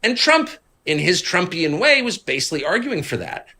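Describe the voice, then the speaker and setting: A man in his fifties, a guest in a conversational interview, who tells stories with animated, mocking impressions of other people. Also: normal speed. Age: 50s. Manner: animated storyteller, acts out others in high mocking voices. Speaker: interview guest, media figure.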